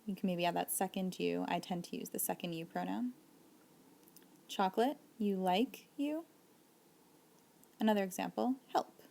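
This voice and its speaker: A woman's voice: on the low side, fairly even intonation, fast, creaky, few pauses, warm tone. A woman teaching a casual video lesson, explaining patiently and giving spoken examples. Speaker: sign language teacher.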